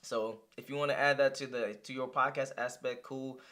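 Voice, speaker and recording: A man's voice: mid-range voice, steady tone, normal speed, pushed and bright. Heated, profane young man reacting to a clip. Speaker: reaction streamer. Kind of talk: casual reaction commentary.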